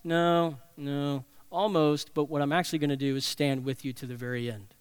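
A male disciple speaks low and quiet with heavy earnestness, as a preacher voices him. The voice is smooth and the sound close and dry. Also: fairly even intonation, moderate pace, no echo, lightly acted. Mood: insistent.

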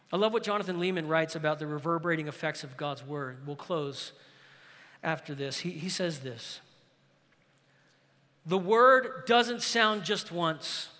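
A high, bright-voiced man preaching a sermon, earnest and emphatic, pressing the congregation with rhetorical questions. His voice rings out through a hall with a long reverb trailing behind each phrase. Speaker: pastor.

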